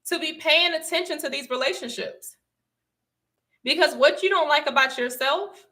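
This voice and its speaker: Bright-voiced woman chatting to viewers. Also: sits high. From Southern United States. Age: young adult. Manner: chatty, laughs often, emphatic repetition. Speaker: livestream host and speaker. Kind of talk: casual livestream talk to viewers.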